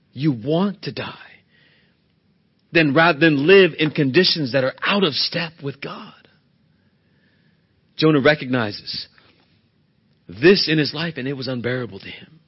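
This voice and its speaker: A man's voice: mid-range voice, slightly rough, lo-fi sound. A male pastor preaching a sermon in an earnest, emphatic way, often asking the congregation rhetorical questions.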